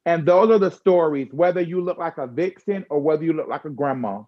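A woman talking candidly in a conversational chat, frank and expressive with slangy asides. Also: low voice, a little fast, muffled recording.

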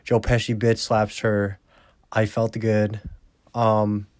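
A man's voice: on the low side, flat delivery, extremely slow, long pauses, clear, resonant tone, no echo, studio quality. A man recapping a movie in a casual, rambling way, blunt and full of swearing. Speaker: movie reviewer.

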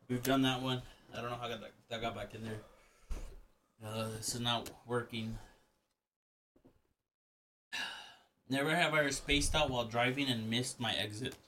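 A young man co-hosting a casual podcast, in pain from a hot spice challenge, yelping and swearing loudly. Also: mid-range voice, steady tone, moderate pace, long pauses, distant mic, slight background noise. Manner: loud pained exclamations, swearing. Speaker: podcast co-host. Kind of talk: casual chat.

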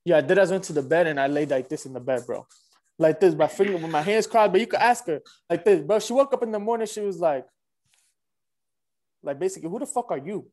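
A man tells a casual story at a rapid clip. His voice sits high for a man. He acts out both sides of every exchange in loose street slang. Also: a little mellow. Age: 20s. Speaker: guest telling a dating story.

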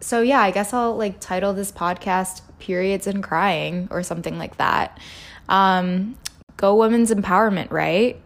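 A woman's voice: medium pitch, steady tone, a little slow. A woman in her twenties hosting a casual solo podcast, candid and chatty, laughing often and swearing freely. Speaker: podcast host.

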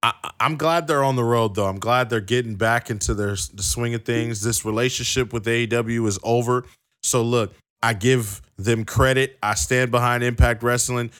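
A man's voice: medium pitch, fairly even intonation, normal speed, a bit bright, clean tone. A man co-hosting a casual wrestling podcast who stammers and restarts, then reads long quotes aloud. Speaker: podcast co-host.

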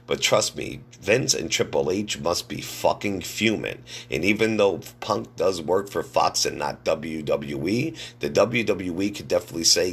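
A hoarse middle-aged man hosts a casual wrestling news podcast, speaking bluntly and with plenty of profanity. His voice is low, gravelly, and husky, yet a bit bright.

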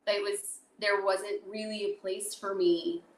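A woman podcast host from the Chicago suburbs telling a personal story in a casual, animated way, full of fillers and acted-out quotes. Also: medium pitch, unhurried, distant mic. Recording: roomy echo, voice a bit off-mic.

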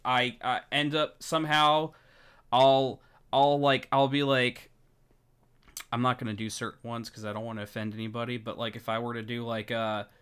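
A man's voice: medium pitch, flat delivery, moderate pace, a bit bright, clear, resonant tone. A man co-hosting a podcast, chatting casually with rambling jokes and restarts. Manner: joking, rambling, self-interrupting. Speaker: podcast co-host. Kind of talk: casual chat.

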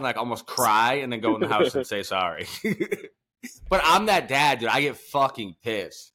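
A man's voice: medium pitch, lively intonation, moderate pace, bright, forceful tone. A middle-aged man hosting a podcast, chatting casually, swearing freely and laughing as he tells stories. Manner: profane, laughing, storytelling. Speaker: podcast host. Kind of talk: casual chat.

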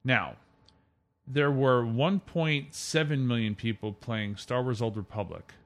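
A man's voice: mid-range voice, measured pace. A man hosting a casual gaming podcast, chatty and opinionated, steering the conversation through the news. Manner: chatty, opinionated, leads the topics. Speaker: podcast host.

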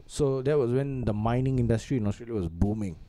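A man's voice: medium pitch, quick pace, mellow. A man co-hosting a podcast, talking bluntly with plenty of swearing. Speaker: podcast co-host. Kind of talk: casual chat.

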